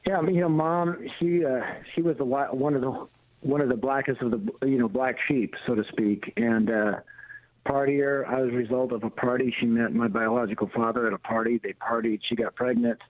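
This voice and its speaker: A middle-aged American man speaks as a guest over a tinny phone line, with the dry, close sound of a call. He tells his story bluntly and emphatically, with the rolling cadence of a preacher. His voice sits at an ordinary pitch. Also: fairly even intonation, a little fast, no echo. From United States. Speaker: guest, ministry leader and author. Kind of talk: personal testimony on a radio talk show. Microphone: phone call into the studio.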